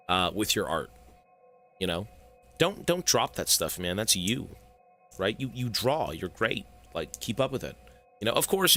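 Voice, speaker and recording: A man's voice: lowish voice, sharp tone. A young man streaming a game, chatting casually with viewers in a rambling, profane way. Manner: rambling, profane, talks to chat. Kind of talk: casual live-stream chat.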